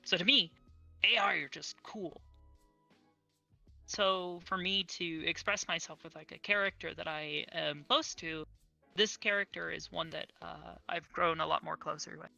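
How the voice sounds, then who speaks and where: A woman's voice: lowish voice, steady tone, unhurried, creaky, sharp tone, no room sound, lo-fi sound, faint music behind. A young woman speaking as an interview guest in casual chat, earnest and enthusiastic, on an online voice call.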